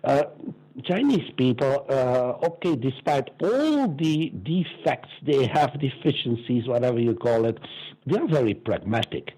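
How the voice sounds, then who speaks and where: An older man from Belgium, telling anecdotes as an interview guest in a lively way and acting out the people he quotes. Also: mid-range voice, measured pace, slightly rough, low-quality recording. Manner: lively, acts out quoted voices, laughs often. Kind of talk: animated anecdotal storytelling.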